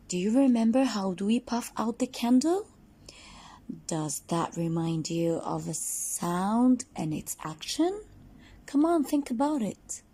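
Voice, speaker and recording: Woman, Egyptian English accent, kids' phonics teacher: lively sing-song delivery, slow and coaxing, mellow slightly breathy tone. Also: medium pitch. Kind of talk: children's phonics lesson.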